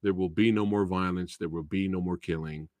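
Chatty, low-voiced man reviewing a film. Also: steady tone, brisk, darkish tone, no echo. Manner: rambling and chatty, with fillers and laughs. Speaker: host of a movie talk show. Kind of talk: casual live movie review.

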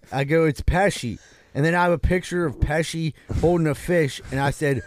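Podcast co-host man, rambling crude storyteller, somewhat high voice, dry sound. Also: normal speed, no echo. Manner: profane, rambling, laughing at own story. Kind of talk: casual storytelling.

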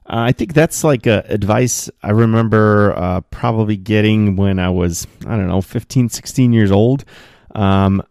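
A man's voice: fairly low pitch, moderate pace, gravelly, no room sound, studio quality. A man hosting a solo podcast from a spare room at home, talking loosely with lots of fillers and getting worked up as he goes. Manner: animated, gets worked up, many fillers. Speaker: podcast host.

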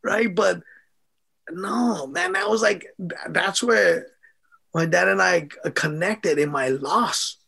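High gravelly man. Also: slow. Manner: animated, laughing often, acts out quotes. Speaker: former amateur boxer, guest. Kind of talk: casual storytelling interview.

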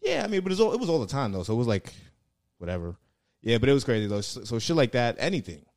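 A man's voice: medium pitch, very animated, rapid-fire, darkish tone, no room sound, studio quality. A man telling rambling, profanity-laced stories in casual chat, full of fillers. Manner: laid-back, swears a lot, lots of fillers. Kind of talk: casual storytelling.

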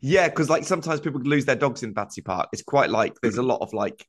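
A man's voice: medium pitch, lively intonation, fast talker. A man co-hosting a comedy podcast, telling a meandering anecdote in casual chat, full of fillers.

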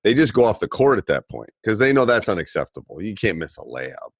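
A man's voice: on the low side, sing-song, fairly quick, dry recording, studio quality. A middle-aged man with a Northern US accent, hosting a coaching podcast, who jumps in eagerly and repeats himself. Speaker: podcast host and basketball coach. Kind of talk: casual podcast interview.

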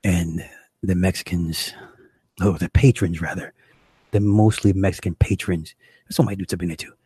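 A man's voice: sits low, fairly even intonation, normal speed, warm tone, husky, dry recording. Profane, exasperated young man telling a story. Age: young adult. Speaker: stand-up comedian. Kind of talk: crude storytelling.

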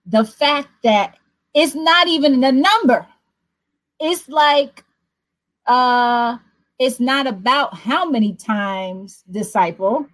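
A woman's voice: fairly high pitch, low-quality recording. A woman leading a late-night prayer broadcast, teaching in a loose, conversational way with joking asides and words repeated for emphasis. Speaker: prayer leader. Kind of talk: casual devotional teaching.

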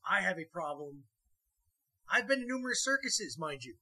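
A man with a husky voice in an animated, profane casual chat, often repeating words as he gets going. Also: high-pitched, normal speed, low-quality recording.

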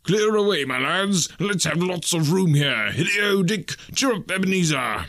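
Man putting on a booming jolly old merchant. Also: expressive, normal speed, fairly bright tone, no echo. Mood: jovial. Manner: booming, hearty. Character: jovial fat old male merchant.

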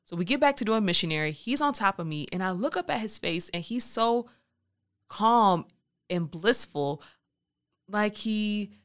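A woman hosting a podcast, telling a candid personal story with a bright, sharp tone. She talks frankly and playfully in slang, acting out her own thoughts as little quoted asides. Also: medium pitch, expressive, unhurried. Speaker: podcast host.

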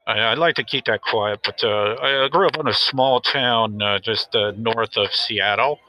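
Comedy bit: a man as an earnest, defensive protest-zone safety officer, bright forceful tone, lots of uhs. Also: mid-range voice, moderate pace, lightly acted, poor audio. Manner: hesitant, filler-heavy, defensive. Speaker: interviewee. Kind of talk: improvised mock interview.

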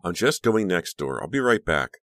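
Defiant teen girl, read by a man, pitched well up, raised and exasperated, dry close sound. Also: sing-song, moderate pace, a bit bright, dry recording. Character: teenage girl, defiant and impatient.

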